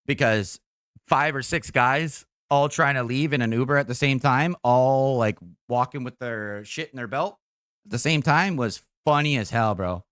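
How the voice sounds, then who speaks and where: A young man talks casually to his stream chat, rambling through stories full of fillers and swearing. His voice sits at an ordinary middle pitch. The sound is close and dry, with no room echo. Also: moderate pace, fairly bright tone. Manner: rambling, profane, filler-heavy storytelling. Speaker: game streamer.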